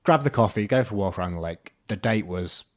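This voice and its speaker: A man's voice: lowish voice, expressive, fast talker. A young man telling a funny dating story in casual chat, acting out the quotes and laughing often. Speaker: podcast guest.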